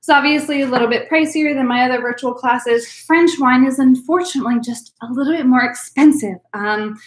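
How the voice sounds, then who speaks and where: Upbeat woman, wine class host, fairly high voice, chatty with fillers, roomy echo. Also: a little fast. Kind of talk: live-streamed virtual class.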